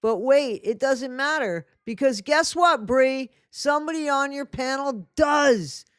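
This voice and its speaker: A man's voice: extremely high pitch, unhurried, fairly bright tone, dry recording, clean studio sound. A man hosting a commentary channel, reacting indignantly and scolding the people he addresses.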